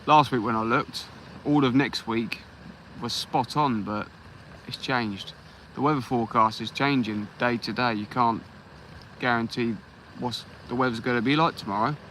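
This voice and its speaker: A man's voice: mid-range voice, normal speed, fairly bright tone, a little hiss or hum, low-quality recording. An English man hosting a fishing livestream from the beach, chatting easily and greeting viewers by name. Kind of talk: casual live chat while fishing. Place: beach outdoors at night.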